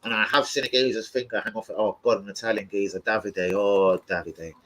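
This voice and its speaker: Over a rough recording, a young man with a fairly low voice talks a little fast, cursing often. As host of a football fan channel, he tells rowdy, animated stories in casual conversation, punctuated by yelps and laughs.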